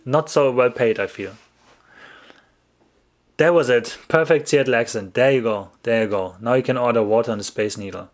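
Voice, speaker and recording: A man goes through questions from his livestream chat in English, at a moderate pace and a middling male pitch. He's casual and rambly, laughing a lot and interrupting himself.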